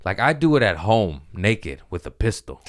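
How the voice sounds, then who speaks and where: A man with a deep, smooth voice talks casually on his own podcast. He rambles loosely and crudely, mocking himself as he goes, and keeps it loose and unpolished. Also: big pitch swings, moderate pace. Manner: rambling, crude, self-mocking and laughing often. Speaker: podcast host. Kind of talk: casual solo chat.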